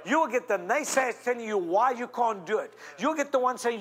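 Animated higher-voiced male pastor. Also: moderate pace, hardly any pauses, husky. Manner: emphatic, storytelling, sudden rises and drops. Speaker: senior pastor. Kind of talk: animated sermon.

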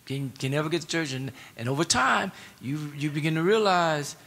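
A man's voice: on the high side, expressive, normal speed, gravelly, a bit bright. A man preaching a sermon in a casual, colloquial way, repeating his words and prompting the congregation to answer back. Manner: repetitive, call-and-response prompts to the congregation.

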